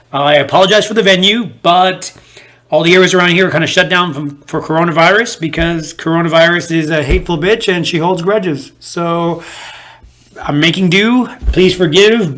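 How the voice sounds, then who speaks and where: A man doing a stand-up set for a home-made video with no audience, telling stories and acting out the people in them. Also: a little high. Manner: animated storyteller who acts out the people in his stories. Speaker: stand-up comedian.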